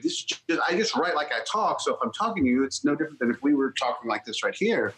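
A man's voice: mid-range voice, expressive, rapid-fire, few pauses, fairly bright tone, poor audio. A man, a strength coach guest, talking bluntly and profanely in casual podcast chat.

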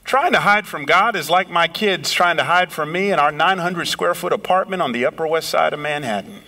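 A middle-aged man preaching a sermon, swinging his pitch up and down and slowing or raising his voice for emphasis. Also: sharp tone. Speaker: pastor. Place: lives in a big city apartment.

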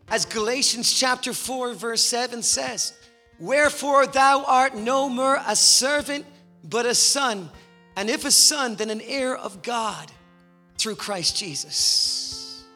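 A man preaching a sermon as a guest speaker, impassioned and rising to shouts. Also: extremely high pitch, takes it slowly. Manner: impassioned, rising to shouts, acting out voices in parables. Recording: long hall reverb with faint guitar behind.

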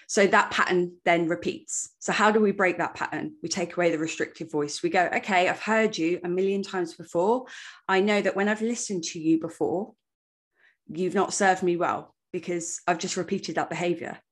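A young woman hosting her own podcast, reflective and coaching, talking herself through her inner dialogue. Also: on the low side. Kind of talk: solo podcast monologue.

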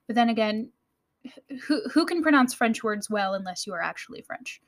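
An American woman hosting a baking podcast. Her voice sits a little high, and she explains in a friendly manner with light laughs and the odd self-correction. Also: lively intonation, moderate pace, a bit bright. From United States. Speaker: podcast host. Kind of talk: scripted podcast narration.

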